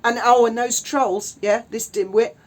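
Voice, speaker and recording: A woman's voice: a little high, fairly even intonation, unhurried. A woman, indignantly ranting and swearing in a vlog. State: widowed. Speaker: YouTuber. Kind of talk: angry vlog rant.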